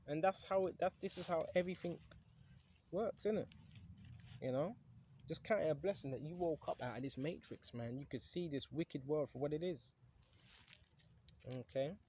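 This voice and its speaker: Casual preacher with a husky voice. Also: male voice, a little high, dark tone. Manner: conversational, keeps asking "right?"; reads scripture aloud between comments. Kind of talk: casual Bible teaching.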